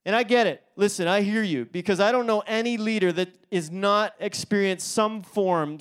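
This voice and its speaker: High-voiced male pastor telling a story. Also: normal speed, hardly any pauses, smooth. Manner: conversational storytelling with fillers and restarts. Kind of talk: sermon with a personal story.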